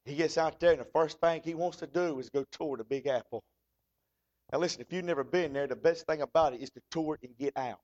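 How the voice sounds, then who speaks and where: A man's voice: on the high side, brisk, a little mellow. A man preaching a folksy, fervent sermon. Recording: dull lo-fi recording.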